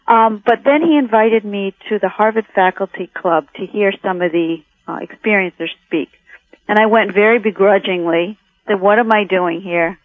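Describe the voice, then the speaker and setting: A woman's voice: mid-range voice, dry recording. Reflective woman on a phone line. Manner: reflective, with many restarts. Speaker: documentary filmmaker, guest. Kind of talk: interview answers. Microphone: telephone.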